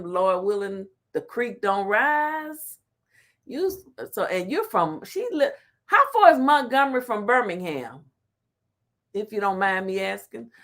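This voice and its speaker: A woman hosting a casual livestream, reading the chat aloud and laughing often. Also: medium pitch. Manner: animated, laughs often, talks back to chat. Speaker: talk show host reading live chat.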